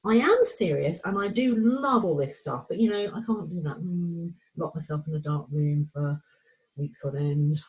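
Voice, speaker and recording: A middle-aged woman coach walking listeners through a course module, animated and excitable, often acting out inner voices. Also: deep voice, moderate pace, rough recording. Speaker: menopause anxiety coach. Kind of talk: recorded course walkthrough.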